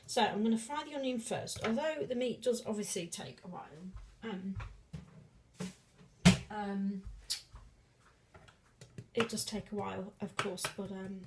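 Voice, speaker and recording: Woman home cook, chatty and rambling, plenty of ums and restarts, sniffly from onions, loud pan noise behind. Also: mid-range voice, measured pace, long pauses. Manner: rambling, self-deprecating, many fillers and restarts. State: sniffing, eyes watering from onion. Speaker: home cooking vlogger. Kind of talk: casual cooking demonstration. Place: home kitchen.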